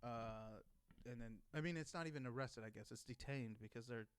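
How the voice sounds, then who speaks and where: A man's voice: medium pitch, brisk, clear, resonant tone, no room sound. A man in his thirties, a former Marine, telling a casual, profane story and acting out heated quotes. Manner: swears constantly, acts out shouted quotes.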